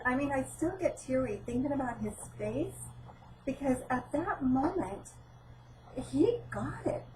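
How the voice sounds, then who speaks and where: Middle-aged lady presenter telling stories, bit high voice, mic kinda far away w some room hum. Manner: animated storyteller, acts out quoted dialogue. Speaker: presenter at a training session. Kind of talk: informal training talk with personal story.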